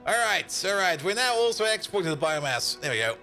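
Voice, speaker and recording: A man streaming a video game and chatting casually with his viewers, animated, laughing often and swearing freely. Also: sits high, brisk, soft background music. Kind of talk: casual live-stream chat while playing.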